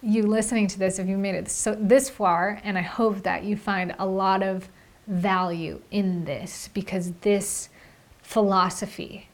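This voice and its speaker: Young woman, solo podcast host, sincere and emotional, reflective monologue, everyday mid-pitched voice. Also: steady tone, measured pace. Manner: earnest, heartfelt, with frequent "like" fillers.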